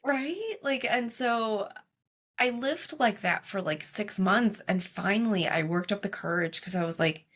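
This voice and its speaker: A woman guest in a casual interview, telling her story animatedly and acting out her own past dialogue with lots of quick "like" asides. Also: mid-range voice, fairly bright tone. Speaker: guest, cancer coach.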